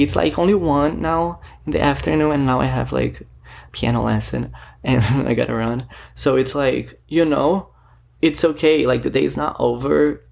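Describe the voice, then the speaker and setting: A man's voice: medium pitch, steady tone, normal speed, gravelly, a little mellow. A man vlogging to a self-recorded camera, telling a story in a rambling, filler-heavy way and acting out bits of conversations as he goes. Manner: rambling, filler-heavy, retells talks with quoted dialogue. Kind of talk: casual storytelling monologue. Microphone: self-recorded camera or phone.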